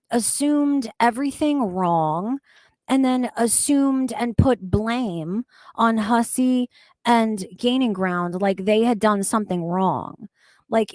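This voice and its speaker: A woman's voice: fairly high pitch, a little mellow, dry recording. A woman co-host earnestly explaining her view in casual chat.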